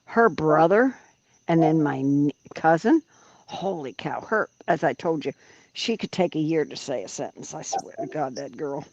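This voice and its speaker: A woman's voice: low voice, lively intonation, moderate pace, darkish tone, no room sound. A woman hosting a livestream, chatting casually and bluntly with exclamations. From United States. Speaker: livestream host. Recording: dull dry lo-fi stream audio.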